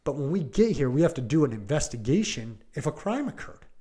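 Man, police deputy, 30s, slightly high voice, animated storytelling, acts out quotes, loose filler-heavy chat. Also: brisk. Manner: animated retelling of a call, acting out quoted dialogue with lots of "like" and "I go". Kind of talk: casual storytelling in a podcast chat.

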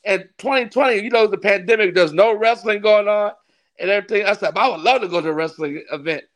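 In a laid-back interview, a pastor from California who doubles as a wrestling ring announcer spins a long story at a quick pace. Speaking in a slightly high voice, he stays animated and frequently laughs while acting out the characters involved.

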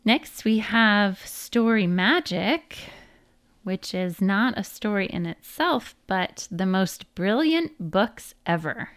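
Slow, careful woman reading a storybook. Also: medium pitch, expressive, a bit bright, dry recording. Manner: careful, spells out hard names. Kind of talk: reading a children's book aloud.

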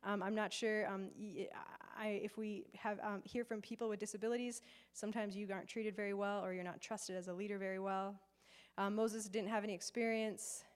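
A woman giving a conversational sermon to a live gathering, chatty and animated, with frequent fillers. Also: mid-range voice, brisk, clean tone. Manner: chatty and animated, acts out quoted voices, many fillers. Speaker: preacher. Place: in person before a live gathering with slides.

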